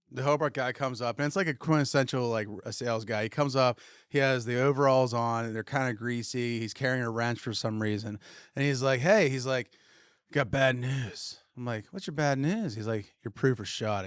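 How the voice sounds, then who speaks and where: Pa guy telling a work story on a podcast, gets animated doing other people's lines, mid pitch, dry close mic. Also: no room sound. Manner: animated storyteller acting out quotes. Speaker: podcast co-host, retailer. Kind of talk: casual storytelling chat.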